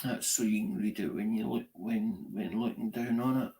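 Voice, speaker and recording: A man's voice: on the low side, moderate pace, mellow. A middle-aged Scottish man hosting a live-stream show, chatting casually and telling a rambling story peppered with "right?" and swearing. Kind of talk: casual chat.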